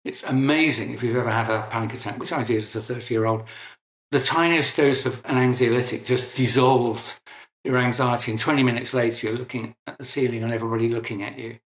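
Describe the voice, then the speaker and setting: Speaking fairly quickly in a mid-range voice with fairly even intonation, an older British man explains technical topics earnestly as an interviewed scientist. He has a British English accent, repeatedly restarts words, and the room sounds echoey.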